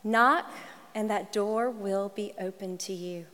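A woman voicing an elderly, joyful Irish nurse in a warm, cheerful manner while telling her story. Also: medium pitch, slow pace. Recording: long hall reverb.

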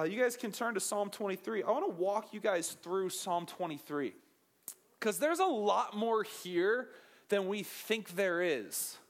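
Young guy preaching, high voice, jokey and lively, keeps asking the crowd stuff. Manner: animated, joking, questions the audience. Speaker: youth pastor. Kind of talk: energetic sermon.

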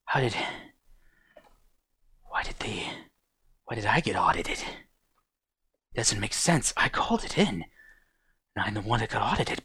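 A man voicing a flustered male government agent who mutters to himself in a hushed, half-whispered voice. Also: medium pitch, no echo, natural voice.

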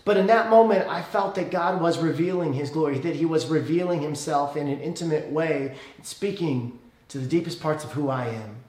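A man preaching a sermon as pastor, telling a story earnestly and praying softly. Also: normal speed, reverberant. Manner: earnest storytelling, dropping soft and low in prayer.

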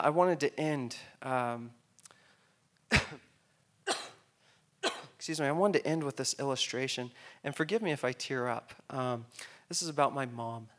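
Male pastor, sermon delivery, candid and heartfelt with light asides, mid-range voice. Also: mid-range voice.

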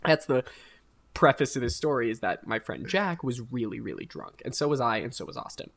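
A young podcast host with a brisk, mid-range voice and vocal fry tells a college story. He's casual, rambling and animated, laughing frequently.

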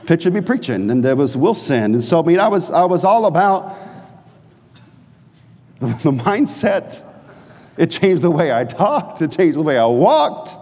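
A man from New Hampshire preaching a sermon, telling stories and jokes, then dropping low and earnest. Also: in a large hall. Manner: animated storytelling preacher, shifts from jokey to low and earnest. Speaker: pastor.

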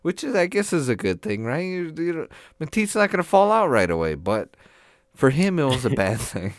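A man's voice: a little high, big pitch swings, moderate pace, no room sound, studio quality. A man on a podcast telling a long, rambling story full of laughs while his jaw is sore from recent tooth surgery. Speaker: podcast co-host. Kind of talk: casual chat.

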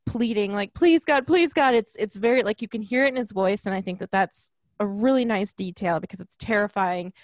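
A woman chatting casually about a movie she loves, her voice sitting a bit high. She jumps up in pitch when she acts out lines from the film. The sound is dry and close. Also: dry recording. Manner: animated, quotes characters in a raised voice.

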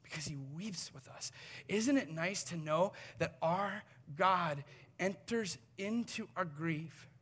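A male pastor with a high, bright, ringing voice delivers a sermon. He swings from loud, urgent appeals down to hushed, near-whispered lines. He acts out small quoted exchanges as he goes. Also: slow.

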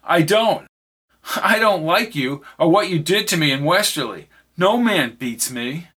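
A man's voice: a little high, expressive, measured pace, sharp tone, slightly rough, pitched above the performer's own voice, heavily acted. A man reading as a smug, menacing villain. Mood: taunting. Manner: smug, taunting. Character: cold menacing man who manipulates realities.

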